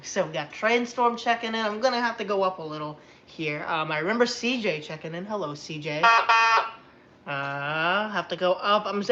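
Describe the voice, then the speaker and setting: A tired woman hosting a casual livestream, chatty and rambling and quick to get excited. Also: fairly low pitch, muffled recording, slight background noise. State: tired after a long day. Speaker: livestream host.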